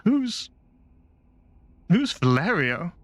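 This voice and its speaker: Gm doing a shaky, stammery guy with a weird flashing eye, voice pushed up high, dry close mic, quiet music. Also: sing-song, no echo, heavily acted. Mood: bewildered. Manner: stammering, halting and unsure. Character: timid, bewildered male creature with a flashing eye. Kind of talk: voicing a character in a tabletop game.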